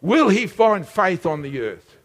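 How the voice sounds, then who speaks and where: A man preaching a sermon in an impassioned way, building to shouts and then dropping low. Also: sing-song, measured pace, in a large hall. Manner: impassioned, shouting at peaks, dramatic swings.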